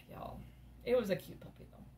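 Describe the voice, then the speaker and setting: A woman's voice: normal speed, dark tone, a little hiss or hum. A woman, chatting casually and rambling through stories as she crafts. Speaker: crafting vlogger. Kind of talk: casual chat while crafting.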